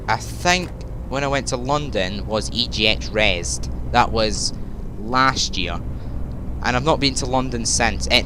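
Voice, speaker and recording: This is a chatty Scottish teenage boy with a mid-range voice, a gaming YouTuber giving rambling let's-play commentary that wanders onto tangents and corrects itself. Under his voice you can hear a truck engine and traffic, plus driving-game sounds with reversing beeps.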